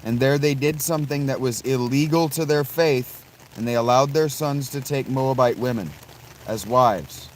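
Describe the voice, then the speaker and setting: A man's voice: mid-range voice, normal speed, a little hiss or hum, poor audio. A man storyteller casually retelling a scripture passage with emphasis and rhetorical questions.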